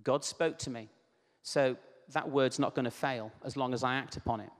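A man's voice: medium pitch, normal speed, long reverb tail. A man preaching a sermon, telling a personal testimony in a conversational, storytelling way with asides.

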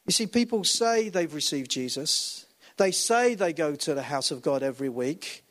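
A man preaching a sermon, walking about as he talks, swinging between loud emphatic highs and low hushed lines. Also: expressive, normal speed. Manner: walks about while preaching. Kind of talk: lively sermon.

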